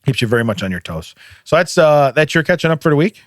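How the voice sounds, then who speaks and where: A man's voice: a little high, big pitch swings, fast, no echo, clean studio sound. A middle-aged man hosting a podcast, telling anecdotes in casual chat and acting out the quotes. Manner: easygoing storyteller, acts out quotes. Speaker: podcast host.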